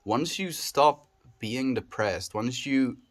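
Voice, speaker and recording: Man, livestreamer, casual chat, mid pitch, reflective, musing, reads chat aloud. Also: expressive, takes it slowly. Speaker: daily livestreamer.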